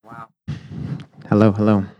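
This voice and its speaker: A man at a church service greeting the room slowly. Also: on the low side, little pitch movement. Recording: dull lo-fi sound.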